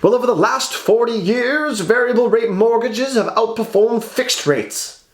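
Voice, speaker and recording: A man doing an exaggerated, mocking impression of a smug adult man with an odd put-on accent, pitched much higher than his own voice. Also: measured pace. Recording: roomy echo, faint background music.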